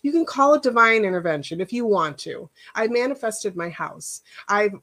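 A woman's voice: medium pitch, lively intonation, moderate pace, fairly bright tone. A middle-aged woman, a life coach, giving a casual workshop talk in a chatty, personal storytelling way with rambling asides.

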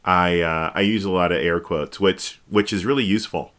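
A man hosting a podcast, giving casual, jokey political commentary that rambles, restarts and breaks into sudden high exclamations. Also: fairly even intonation, moderate pace, fairly bright tone. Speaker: podcast host. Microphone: podcast microphone.

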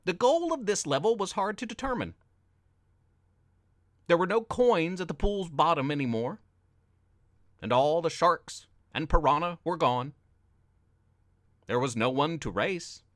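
A man reading a children's adventure story aloud with expressive, dramatic narration. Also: on the high side, unhurried, long pauses, no echo, clean studio sound.

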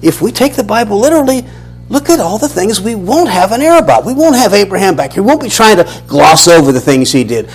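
A man's voice: sits high, quick pace, slightly rough, poor audio. A man, teaching a Bible lesson as a sermon, questioning and restarting often. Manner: animated, questioning, many restarts.

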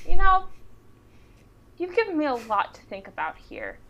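A woman's voice: high voice, huge pitch swings, moderate pace, pushed and bright. A woman playing a tabletop role-playing game, asking polite, hesitant questions. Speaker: player.

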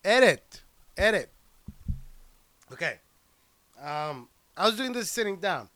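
A young man hosting a podcast as a stand-up comic, talking in a profane, excitable, rambling way full of restarts into a handheld mic. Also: a little high, moderate pace, no echo. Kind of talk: casual rambling podcast chat. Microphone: handheld microphone plugged into a computer.

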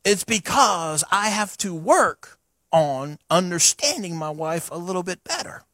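A middle-aged man, a pastor preaching a sermon to his church in a folksy, animated way with chatty asides. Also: sits high, a little slow, no echo, clean studio sound. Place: church sanctuary.

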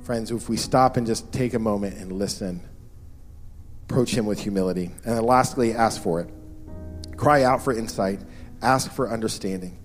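A man's voice: on the low side, moderate pace, faint music behind. A man in his thirties preaching a sermon as pastor, earnest and repeating key phrases for emphasis.

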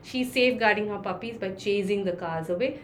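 Brief: woman, dog trainer in an interview, mid-pitched, chatty with filler words, faint rumble behind. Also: fairly quick. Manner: explains with acted-out examples, many fillers. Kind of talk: interview answer, explaining.

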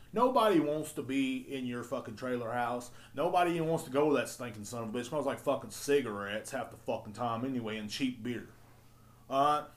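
A man ranting profanely and rambling as a podcast host. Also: mid-range voice. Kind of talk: casual solo rant. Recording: roomy echo.

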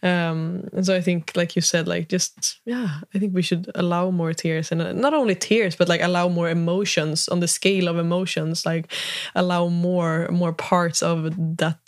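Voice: medium pitch, fairly even intonation, normal speed. A speaker in casual conversation, reflective and agreeable, with many fillers.

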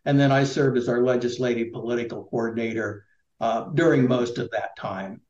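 A man's voice: mid-range voice, steady tone, moderate pace, darkish tone, reverberant, muffled recording. A middle-aged man from Indiana, a political candidate, talking casually in an interview with lots of fillers and restarts. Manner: rambling, many fillers and restarts.

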